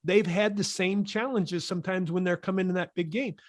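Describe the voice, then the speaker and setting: A man with a fairly high voice hosts a podcast, recorded dry and close with no room sound. He asks casual questions that ramble and restart before he gets to the point. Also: brisk, dry recording. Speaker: podcast host.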